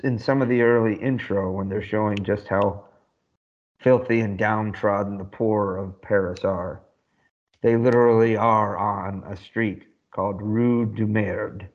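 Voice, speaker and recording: A man's voice: on the low side, fairly even intonation, a little slow, highs cut off. A man in a casual chat as podcast co-host, trading dry teasing jokes.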